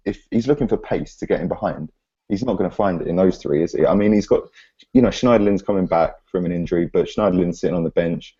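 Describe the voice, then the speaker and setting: A very deep, dark Mancunian male voice with a husky edge. He lays out his points in a plain, matter-of-fact way. The audio sounds dull and lo-fi. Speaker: fan pundit. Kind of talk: casual football chat.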